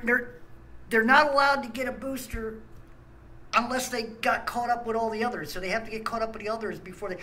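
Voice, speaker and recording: A man's voice: extremely high pitch, pushed and bright, a little hiss or hum, low-quality recording. A man, host of a small ministry channel, ranting angrily with blunt talk and stammered restarts. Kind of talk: angry ranting monologue.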